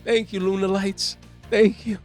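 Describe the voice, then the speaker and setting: Hype host, man, slangy and excitable, a bit higher voice, faint music bed. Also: measured pace. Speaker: card market channel host. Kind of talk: hyped market commentary. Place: home.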